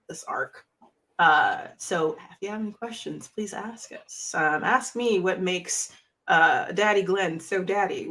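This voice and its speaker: A woman's voice: sits low, vocal fry, sharp tone. A woman hosting an actual-play show, giving a rambling, emotional, casual sign-off and swearing freely. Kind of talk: casual end-of-stream sign-off.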